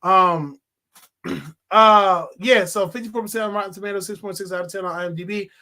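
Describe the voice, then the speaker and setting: A young man giving a casual, animated movie review, swearing freely and laughing often. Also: sits high, normal speed. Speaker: film reviewer.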